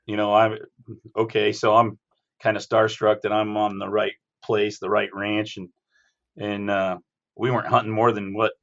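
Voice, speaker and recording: Man, podcast guest, lowish voice, muffled lo-fi audio, relaxed storyteller. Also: moderate pace, vocal fry. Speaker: podcast guest, industry executive. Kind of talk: casual chat.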